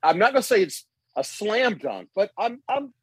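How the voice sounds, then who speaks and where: A woman's voice: mid-range voice, very animated, normal speed, a little mellow, slightly rough, no echo. A young woman hosting a podcast quiz, teasing her guests in a mock-formal way. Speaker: podcast host and quizmaster. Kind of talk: casual chat.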